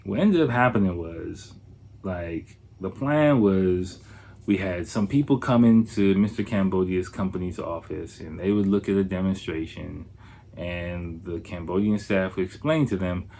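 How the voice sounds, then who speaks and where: A man hosting a podcast, telling a travel story in a loose, animated way, full of swearing and fillers. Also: low-pitched, unhurried, vocal fry, a little hiss or hum. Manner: animated, profane, filler-heavy retelling. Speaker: podcast host. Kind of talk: casual anecdote storytelling.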